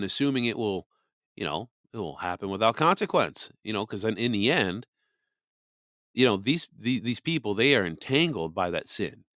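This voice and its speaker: Low-voiced man giving casual Bible commentary. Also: fairly bright tone, no room sound, clean studio sound. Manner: conversational, frequent "you know" fillers, emphatic preaching. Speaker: podcast host.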